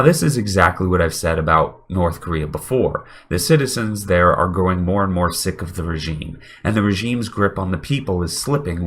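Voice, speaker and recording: A man with a very low, nasal voice, audibly sick with a cold. He delivers an earnest, argumentative commentary monologue. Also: fairly bright tone. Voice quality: deep and nasal. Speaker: political commentator. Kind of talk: opinion rant monologue.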